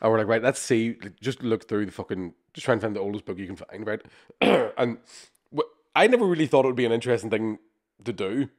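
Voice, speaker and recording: A man co-hosting a podcast, telling animated, sweary anecdotes with acted-out quotes. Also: medium pitch. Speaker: podcast co-host. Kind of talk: casual storytelling chat.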